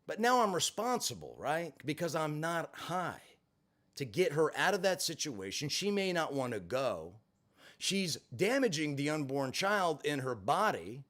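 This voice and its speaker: A man's voice: a little high, sing-song, measured pace, a bit bright. A middle-aged man telling a personal story to camera, candid and emphatic, swearing freely. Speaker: vlogger in recovery. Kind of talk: storytelling monologue.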